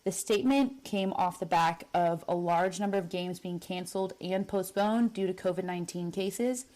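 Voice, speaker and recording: A young woman co-hosting a women's football podcast, giving a brisk news roundup. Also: on the low side, warm tone. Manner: brisk, news-reader delivery. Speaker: podcast co-host.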